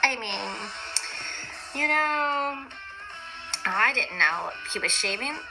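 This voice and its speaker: A woman's voice: a little high, expressive, takes it slowly, low-quality recording. A woman voicing a chatty, self-pitying male big bad wolf, telling a kids' story with rambling, defensive asides. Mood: aggrieved. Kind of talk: storybook reading for kids. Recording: music playing underneath.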